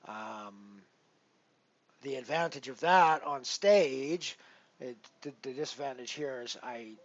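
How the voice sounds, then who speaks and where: A man commentating his poker stream in a casual, rambling way, full of restarts, his loudness rising and falling as he goes. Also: mid-range voice, slow, no room sound, lo-fi sound. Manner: rambling, with many restarts and big swings in loudness. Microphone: headset.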